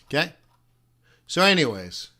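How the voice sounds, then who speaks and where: A middle-aged man hosting a live-streamed trading lesson, animated and joking, teasing his viewers as he rambles with frequent laughs and restarts. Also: fairly high pitch, measured pace. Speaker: forex trading instructor and host.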